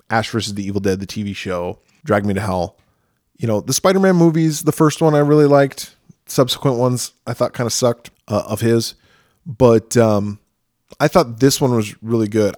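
A man's voice: mid-range voice, darkish tone, dry recording, clean studio sound. A man co-hosting a podcast, chatting casually and rambling with enthusiasm about films he likes. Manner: rambling, enthusiastic film talk. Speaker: podcast co-host. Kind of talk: casual chat.

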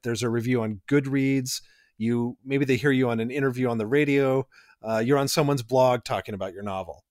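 A man co-hosting a casual podcast, explaining ideas in an energetic, teacherly way and building long lists of examples. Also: mid-range voice, no echo, studio quality. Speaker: podcast co-host.

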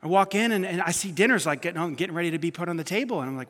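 A man preaching a sermon, telling personal stories with lively swings between quiet asides and loud emphatic bursts. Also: on the high side, racing, hardly any pauses. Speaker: pastor. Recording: long hall reverb.

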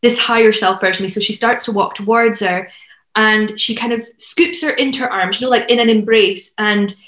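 A woman's voice: medium pitch, steady tone, a little fast, fairly bright tone, muffled recording. Earnest woman telling a story, roomy sound. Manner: earnest, heartfelt, many fillers. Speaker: podcast guest, business mentor. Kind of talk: personal storytelling in conversation.

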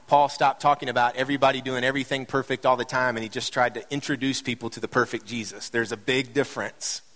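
In a reverberant hall, a middle-aged pastor preaches a sermon in a mid-range, fairly bright voice. He keeps it conversational with light joking asides before building to impassioned emphasis.

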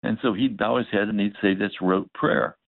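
During his sermon, a male pastor tells a story and acts out every side of the conversation. His low, gravelly voice stays steady at a normal speed. The recording is dry and narrow, like a phone line.

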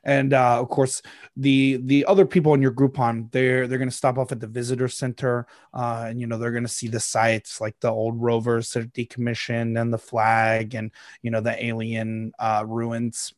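A man's voice: medium pitch, monotone, normal speed, no room sound. A man narrating as game master of a tabletop game, playful and rambling, with frequent fillers.

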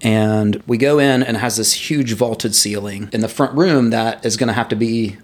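A man casually telling a personal story to friends, animated and laughing at his own tale. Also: lowish voice, normal speed.

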